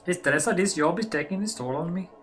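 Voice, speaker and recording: A man's voice: sits high, fast, a bit bright, soft background music. A man voicing a formal, weary German male head doctor in a mock German accent that drifts toward French, reading a letter in a theatrical way.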